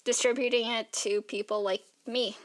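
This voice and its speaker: A tired young woman rambles through a casual vlog chat, leaning on "like" in nearly every phrase. Her voice sits a little high, and she sounds worn out and sleepy. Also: fairly even intonation, moderate pace. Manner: rambling, filler-heavy, says "like" constantly. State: tired, yawning. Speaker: art vlogger.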